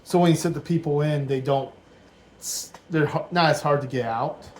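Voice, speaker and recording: A man's voice: on the high side, normal speed, a little mellow, slight background noise, rough recording. A man in his forties giving casual, rambling commentary while he builds a Lego set at home, thinking aloud as he goes. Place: dim room at home.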